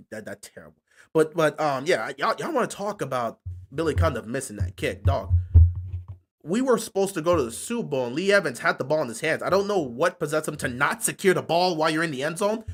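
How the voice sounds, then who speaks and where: A man's voice: high voice, a bit bright. A man hosting casual sports talk, impassioned and repeating himself with stammering restarts. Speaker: sports channel host.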